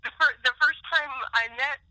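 A woman's voice: high-pitched, fairly quick, sharp tone, no room sound, rough recording. A middle-aged woman calling in as the host's mother, blunt and teasing, laughing often. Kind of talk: casual phone chat.

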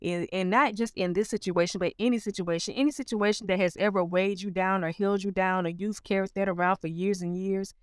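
Woman, earnest testimony speaker, warm direct address; smooth tone, mid pitch. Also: fairly even intonation, a little fast, few pauses, dry recording, clean studio sound. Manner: earnest, calls the listener honey. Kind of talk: personal spiritual testimony.

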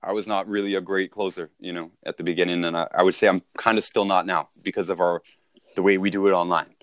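Low-voiced man coaching emphatically. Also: level tone, fast, dry recording. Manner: emphatic, punchy, peppered with "right?". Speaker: sales coach. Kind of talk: casual podcast conversation.

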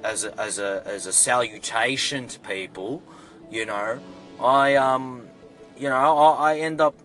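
A man's voice: mid-range voice, a little slow, fairly bright tone, faint music behind, natural voice. A man playing a rambling Australian guy. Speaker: comedy character. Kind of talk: comedic character monologue.

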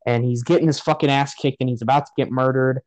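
A man's voice: medium pitch, steady tone, quick pace, a little mellow, no room sound, low-quality recording. A man on a podcast giving a profane, sarcastic rant about a movie in casual chat. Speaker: podcast host.

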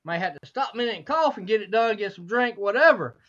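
A hoarse woman with a cracking voice leads a fervent Bible study, repeating phrases and asking rhetorical questions. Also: mid-range voice, expressive, fast talker, highs cut off.

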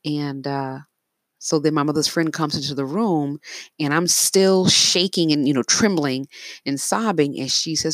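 A woman's voice: low-pitched, moderate pace, no room sound. A woman casually narrating her dreams, rambling with fillers and restarts. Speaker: storyteller.

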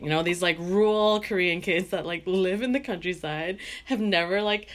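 A woman's voice: lowish voice, moderate pace. A young woman from Canada, chatting casually. She laughs often and fills her talk with "like". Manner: giggly, animated, lots of "like". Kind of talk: casual chat.

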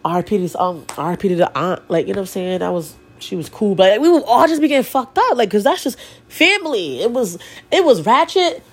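Young woman, solo podcast host, stuffy nose; raw, swearing, confessional delivery with a lively, swinging pitch. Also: quick pace, husky. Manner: blunt, profane, emotional and confessional. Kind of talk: candid solo podcast monologue.

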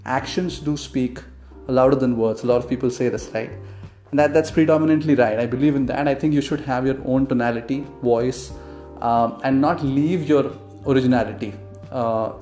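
A man from India hosting a solo podcast monologue. He is opinionated and often fills pauses with "uh" and "you know". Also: medium pitch, warm tone. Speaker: podcast host. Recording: roomy echo with faint guitar music.

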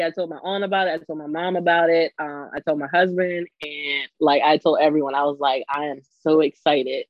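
A woman's voice: low-pitched, no room sound, dull audio. A young adult woman co-hosting a podcast, chatting effusively with a guest, laughing often and acting out what people said. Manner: chatty and effusive, frequent laughs and quoted asides. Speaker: podcast co-host. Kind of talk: casual podcast chat.

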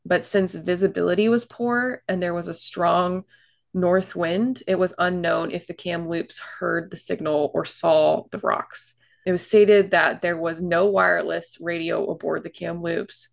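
A woman's voice: fairly low pitch, fairly even intonation, normal speed, vocal fry. A woman co-hosting a casual podcast, chatty, recounting history with fillers and asides. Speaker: podcast co-host telling a shipwreck story.

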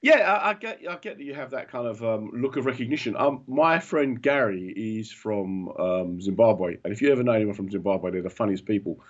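A man's voice: fairly low pitch, expressive, brisk, few pauses. A man co-hosting a podcast, joking and chatting in a loose, laughing way. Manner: jokey, laughing, chatty, puts on voices in anecdotes. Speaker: podcast co-host. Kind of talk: casual banter. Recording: dull lo-fi recording.

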